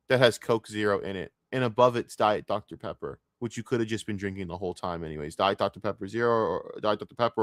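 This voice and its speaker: A man's voice: fairly low pitch, a bit bright, no room sound, studio quality. Foul-mouthed ranting male streamer. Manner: swears heavily, scornful outbursts. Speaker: streamer reacting to a documentary. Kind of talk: profane ranting commentary.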